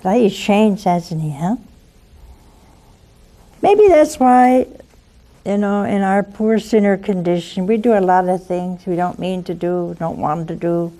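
A woman's voice: medium pitch, measured pace, warm tone. A woman hosting a religious call-in show, preaching devotionally and coaxing listeners with intimate questions.

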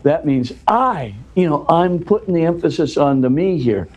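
A man's voice: on the high side, animated, moderate pace, a little mellow. A man speaking as an interview guest, explaining at length in an earnest, conversational way and often restarting his words.

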